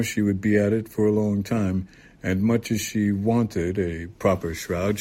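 Man, very deep voice, mellow dark tone, calm measured story reading. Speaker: reader. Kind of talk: reading a literary short story aloud.

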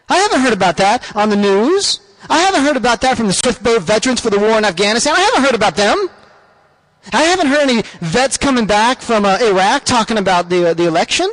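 Man, very high voice, ranting host, emphatic and sarcastic, repeats himself. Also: sing-song, a little fast, fairly bright tone, poor audio. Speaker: radio show host. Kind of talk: ranting political monologue.

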